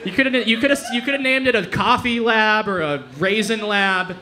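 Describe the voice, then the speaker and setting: A young man from Denver hosting a comedy club night, delivering stand-up in a loose, rambling way and now and then jumping into loud mock voices. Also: high-pitched, animated, normal speed, hardly any pauses. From Denver, Colorado. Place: comedy club stage with audience laughter.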